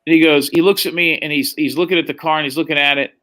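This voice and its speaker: A man's voice: fairly high pitch, fairly even intonation, quick pace, bright, forceful tone. A man telling anecdotes on a live stream chat, laid-back and profane. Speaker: guest.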